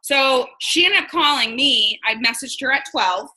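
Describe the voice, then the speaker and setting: Woman, 30s, from New York, blunt and chatty team coach, bright and fairly high voice. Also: expressive, normal speed, low-quality recording. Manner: chatty, blunt, acts out quoted dialogue. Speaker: direct sales team leader. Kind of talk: casual coaching talk on a live video.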